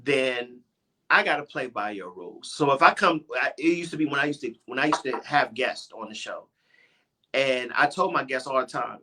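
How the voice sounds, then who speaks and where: A middle-aged man hosts a radio talk show, animatedly pressing his point in a heated casual debate. He speaks at medium pitch and a moderate pace, emphatic and often interrupting himself to restart sentences.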